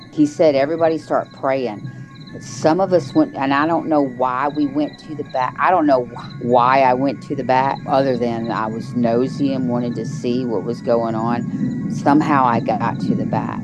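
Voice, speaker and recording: A woman tells a true story in a loose, halting way, circling back and restarting her sentences. Her voice has a gravelly rasp and a slow, deliberate pace, with faint music under it. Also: rumbling low, darkish tone, poor audio. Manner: halting, with many restarts and "you know"s. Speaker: guest storyteller. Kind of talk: casual spoken storytelling.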